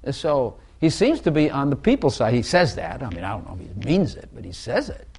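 A man's voice: mid-range voice, big pitch swings, brisk, creaky, darkish tone, slightly rough. Conversational male preacher. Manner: conversational, repeats phrases, asks the listeners questions. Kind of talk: informal sermon.

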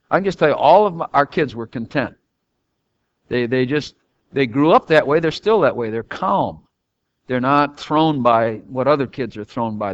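A man's voice: medium pitch, muffled recording. An older man teaching from the Bible in a rambling, folksy storytelling way, chuckling often between stories.

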